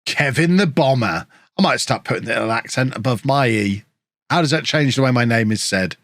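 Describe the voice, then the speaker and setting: A man's voice: medium pitch, a little fast, no room sound. Chatty male streamer, dry close mic. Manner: chatty, reacts excitedly to game moments, answers chat. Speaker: streamer playing a football management game. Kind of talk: casual live-stream commentary.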